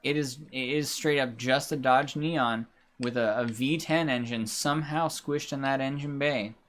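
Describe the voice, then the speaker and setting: A man's voice: medium pitch, fairly even intonation, normal speed, a bit bright. Rambling man streaming a racing game. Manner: rambling, self-deprecating, swears at the game. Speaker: livestreamer. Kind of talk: casual gameplay commentary.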